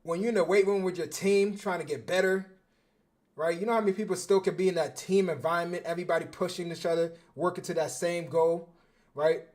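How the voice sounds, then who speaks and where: A young man, a football coach and former defensive back, talking casually on a livestream, animated and slangy, often repeating his words. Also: high-pitched, brisk. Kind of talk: casual livestream film breakdown.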